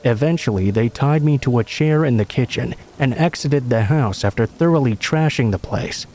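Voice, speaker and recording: A man reads a true horror story aloud in steady, measured scripted narration. His voice is dark and mellow, at a middle pitch. A faint hiss sits under it.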